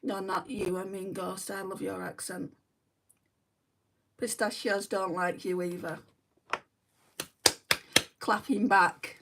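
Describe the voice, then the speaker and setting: A woman's voice: medium pitch, level tone, measured pace, vocal fry, pauses often, slight background noise. A young woman hosting a makeup livestream at home, chatting casually and answering viewer comments one by one. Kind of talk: casual live chat while doing makeup. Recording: voice a bit distant from the mic.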